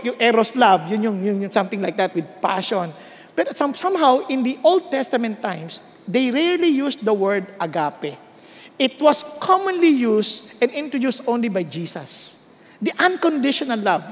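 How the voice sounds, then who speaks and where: Male pastor, Filipino accent, high voice, animated sermon, long hall reverb. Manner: animated preaching, mixing Tagalog and English, asks the congregation to repeat.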